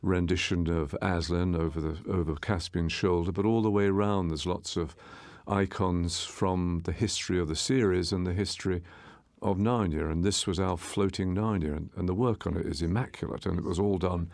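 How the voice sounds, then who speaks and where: Deep, gravelly man commenting on a film. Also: fairly even intonation, a little mellow, dry recording. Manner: measured, explanatory, with small restarts. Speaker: film director.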